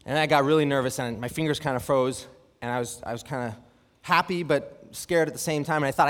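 A young man preaching a sermon, reading scripture and telling a personal story, with lively rhetorical questions. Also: medium pitch, fairly quick. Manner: animated, asks rhetorical questions, reads scripture aloud. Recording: long hall reverb.

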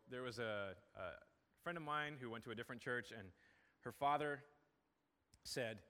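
A man's voice: medium pitch, normal speed, pauses often, sharp tone. A man preaching a sermon as pastor, earnest and conversational, building emphasis on key points. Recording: long hall reverb.

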